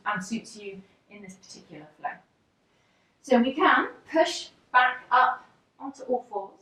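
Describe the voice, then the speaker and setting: A woman guides a yoga class in a calm, unhurried way, explaining each movement as she demonstrates it. Her voice sits a little high. She is picked up from a distance in a room that rings with heavy echo. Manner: calm, step-by-step demonstrating while moving. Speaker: yoga teacher. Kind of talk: instructional walkthrough. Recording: very echoey room, distant mic.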